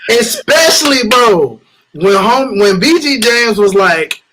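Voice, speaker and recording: A man guesting on a casual wrestling review chat, laid-back and chuckling, who often chimes in with quick agreement. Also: sits high, lively intonation, crowd noise, poor audio. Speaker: guest co-host.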